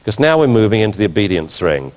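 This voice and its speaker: A man giving an animated talk as a dog trainer, telling stories with laughter and mimicked sounds. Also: fairly low pitch, fast, in a large hall. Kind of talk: animated anecdotal lecture.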